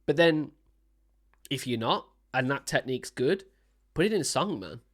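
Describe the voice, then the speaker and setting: A man's voice: medium pitch, animated, moderate pace. Enthusiastic rambling male music reactor. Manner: enthusiastic, rambling, many restarts and "man". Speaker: music reaction host, singer-songwriter. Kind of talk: casual music reaction commentary. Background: song playing faintly.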